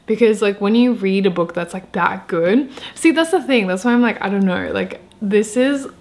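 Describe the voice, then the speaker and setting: A woman's voice: mid-range voice, moderate pace, a little mellow. A young woman chatting casually in a vlog about books, rambling and enthusiastic with lots of filler words. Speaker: book vlogger.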